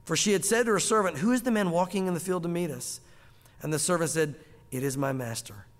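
Male preacher, high voice, expressive storyteller, church hall reverb. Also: quick pace. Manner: animated storytelling, acting out dialogue. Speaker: pastor. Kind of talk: sermon.

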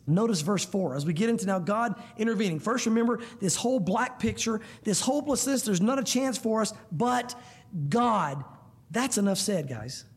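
Man, pastor, sermon, emphatic, high voice, husky tone. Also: expressive, moderate pace. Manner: earnest, emphatic, addresses listeners as guys. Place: church room.

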